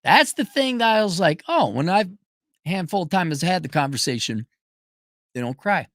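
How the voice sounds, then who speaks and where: A blunt, emphatic man hosting a casual livestream, his voice sitting a little higher than most men's. He lurches between loud, forceful declarations and low, muttered asides. The sound is close and dry, with no room around it. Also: big pitch swings, normal speed, dry recording. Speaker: livestream host reading super chats.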